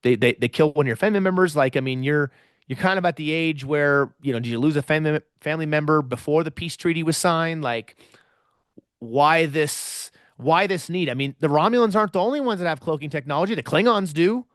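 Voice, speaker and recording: A man's voice: fairly high pitch, brisk, dry recording, studio quality. A man co-hosting a podcast in casual chat. He is reflective and often repeats a word as he starts a sentence. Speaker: podcast co-host.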